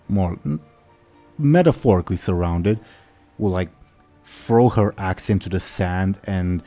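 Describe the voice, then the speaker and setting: Man, game master, low voice, mellow tone, faint music behind. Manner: explains rules and voices orcs in quoted lines. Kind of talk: narrating a tabletop game.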